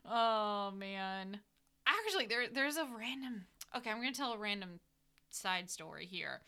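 A woman's voice: medium pitch, lively intonation, unhurried, bright, forceful tone, clear, resonant tone. An American woman who hosts a podcast and runs tabletop games, chatting casually in a rambling way with frequent laughs. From United States. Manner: rambling, chatty, laughs often, many "like" fillers. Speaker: dungeon master and podcast host. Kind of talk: casual reflective podcast chat.

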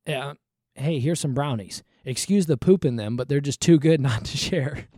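A man's voice: mid-range voice, moderate pace, warm tone, dry recording, studio quality. A man hosting a Christian podcast, talking emphatically and with exasperation, repeating himself for emphasis. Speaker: podcast host. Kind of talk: conversational Christian podcast commentary.

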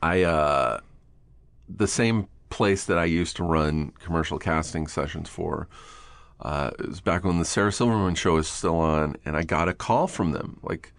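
A man with a low voice and some vocal fry hosts a podcast from a small studio room, speaking at a normal pace with no echo. He chats casually and tells stories, swearing freely and doing the voices of the people he quotes.

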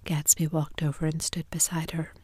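Whispered role-play narrator, woman, low breathy whisper, close and dry. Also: normal speed, dry recording. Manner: soft, even storytelling.

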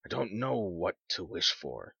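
A man's voice: deep voice, very animated, unhurried, gravelly, pushed and bright, breathy edge, dry recording, full character voice. A man reading a storybook, voicing an eager and curious older father. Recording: dull lo-fi sound.

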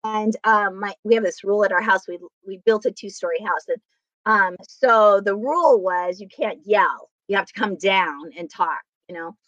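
A woman's voice: medium pitch, normal speed, no echo. A middle-aged woman, a guest telling personal stories and acting out the dialogue in them. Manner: animated, acts out dialogue in her stories. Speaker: guest speaker. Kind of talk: personal storytelling interview. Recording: dull, dry sound.

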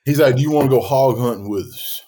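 A man co-hosting a podcast, telling a story in casual chat, lively and swearing as he acts out quotes. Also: mid-range voice, quick pace, a little hiss or hum. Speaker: podcast co-host.

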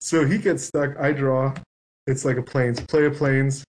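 A man's voice: medium pitch, fairly even intonation, measured pace, a little mellow, a little hiss or hum, poor audio. A man on a podcast telling a long story in casual chat, acting out both sides of it. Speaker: guest.

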